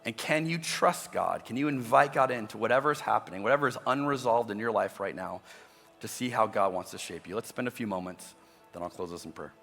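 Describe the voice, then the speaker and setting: Bright-voiced male pastor preaching. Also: lowish voice, lively intonation, brisk, gravelly, long reverb tail, soft background music. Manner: conversational, acts out imagined voices. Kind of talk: sermon. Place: church auditorium.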